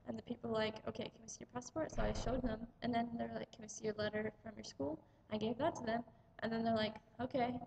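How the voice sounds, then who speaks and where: A woman's voice: a little high, creaky, darkish tone, a little hiss or hum, poor audio. A young American woman telling a rambling vlog story about her day, casual and chatty with lots of "like". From United States. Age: young adult. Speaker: vlogger.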